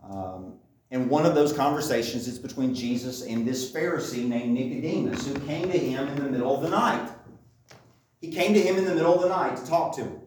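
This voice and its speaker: A man's voice: medium pitch, brisk, darkish tone, a little hiss or hum. A man preaching a sermon in a conversational way, often repeating phrases for emphasis. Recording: echoey room, mic at a distance.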